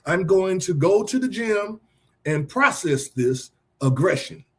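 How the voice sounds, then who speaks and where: A man's voice: high voice, lively intonation, slow, exaggerated voice. A man reading a defensive husband. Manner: reads the lines plainly, scripted. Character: defensive husband hiding behind therapy talk.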